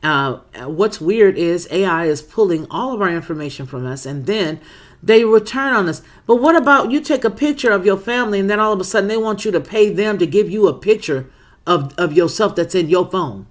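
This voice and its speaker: The livestream host sounds animated, with a mid-range voice going a little fast. In her folksy, talkative style she reads viewer comments aloud, says hello to people by name, and calls them girl, baby and boo-boo.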